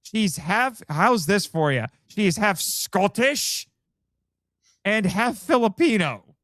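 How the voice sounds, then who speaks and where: A man's voice: high voice, lively intonation, slow pace, fairly bright tone, no room sound, studio quality. A man chatting casually on a podcast about films, reading out cast names as he looks them up. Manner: chatty, reads out cast names while looking things up. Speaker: podcast co-host.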